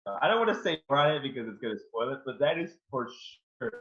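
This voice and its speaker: A young man co-hosting a casual podcast, talking excitedly and filling gaps with "like". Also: medium pitch, fast talker, dull audio. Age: young adult. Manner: excitable, trailing off into "like". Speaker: podcast co-host.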